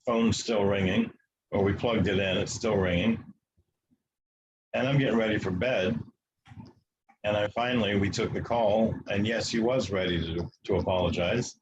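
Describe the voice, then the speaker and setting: A man from the United States, a guest telling a long story in an interview, matter-of-fact and halting with fillers. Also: fairly low pitch, dull audio.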